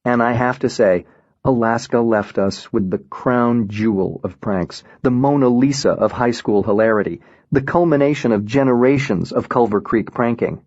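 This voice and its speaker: A man reading a first-person novel aloud in an even, reflective way. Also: mid-range voice, normal speed, dry recording. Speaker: audiobook narrator. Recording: dull, dry lo-fi recording.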